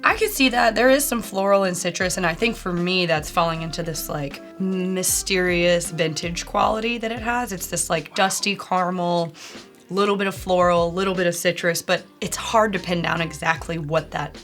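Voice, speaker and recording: Low-voiced woman co-hosting a tasting chat. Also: normal speed, fairly bright tone, soft background music. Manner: thoughtful, searching for descriptive words. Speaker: co-host.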